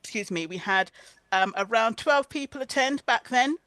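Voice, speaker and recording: A woman's voice: a little high, moderate pace, a bit bright, no room sound. A woman hosting an online conference over a video call, chatty and prone to fits of laughter. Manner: giggly, keeps breaking into laughter. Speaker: conference host. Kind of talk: casual online presentation.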